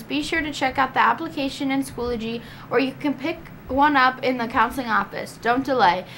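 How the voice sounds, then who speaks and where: A woman reading school announcements in a steady, informative way. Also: high-pitched, a little hiss or hum.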